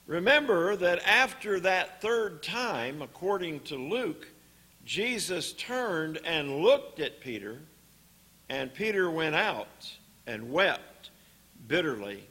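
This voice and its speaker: A man preaching a sermon in a church, teaching on scripture in a deliberate way with pauses and "uh" fillers. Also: a little high, expressive, sharp tone, slightly rough.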